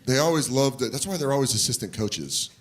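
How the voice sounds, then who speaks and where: A stand-up comedian with a medium-pitched voice talks a little fast as he tells stories on stage. He animatedly acts out the voices of the people involved, and the live club audience is audible behind him.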